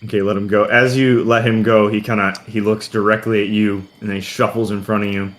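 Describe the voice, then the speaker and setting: A man's voice: lowish voice, flat delivery, fairly quick, a bit bright. A man narrating as game master, rambling and full of fillers. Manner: rambling, heavy on "kinda" and "uh".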